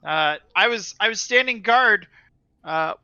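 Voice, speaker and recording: A man's voice: high-pitched, animated, measured pace, bright, forceful tone, dry recording, dull audio, pitched above the performer's own voice, full character voice. A man doing a stammering, terrified young guard. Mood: nervous. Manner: stammering, panicky, pleading. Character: frightened young male human guard, nervous and rambling.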